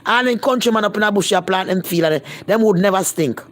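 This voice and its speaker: Speaking at a quick pace in a medium-pitched voice, this Jamaican vlogger talks to her live-stream audience in heavy patois. Her casual chat is blunt and forceful, and she repeats herself for emphasis.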